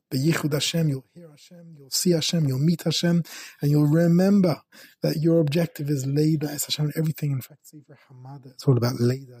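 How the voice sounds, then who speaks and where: Husky man giving an earnest Torah talk. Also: on the high side, mellow, no echo. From England. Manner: earnest, repeats phrases for emphasis. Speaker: rabbi.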